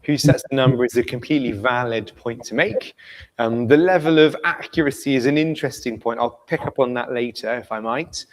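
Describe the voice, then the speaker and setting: Chatty man demoing software live. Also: mid-range voice, fairly quick, poor audio. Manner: relaxed and chatty, asks the room questions. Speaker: presenter at a community meetup. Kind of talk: live software demo and talk. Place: meeting room in front of an audience.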